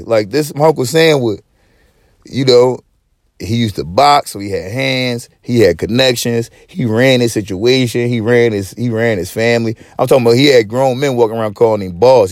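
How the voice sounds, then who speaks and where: Man, podcast host, casual profane rambling chat, mid-pitched voice, dry close sound. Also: no room sound. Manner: profane, rambling, lots of fillers and repeats.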